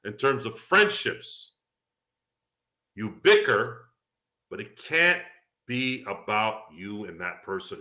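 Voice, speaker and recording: A man with a lowish, sharp-toned voice hosts a sports talk show, sounding tipsy. His casual monologue rambles emphatically from basketball into life lessons, with preachy asides.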